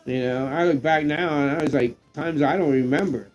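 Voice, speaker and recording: A middle-aged man who is getting drunk, chatting loosely on a livestream, rambling, swearing and breaking into excited shouts. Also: on the high side, fairly quick, soft background music. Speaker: live stream co-host. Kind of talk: casual livestream chat.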